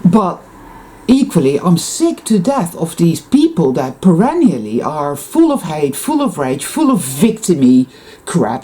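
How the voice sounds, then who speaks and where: Low, animated woman ranting with profanity. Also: a little slow, a little hiss or hum. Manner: profane, intense, sighing. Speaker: spiritual vlogger. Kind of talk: rambling monologue to camera.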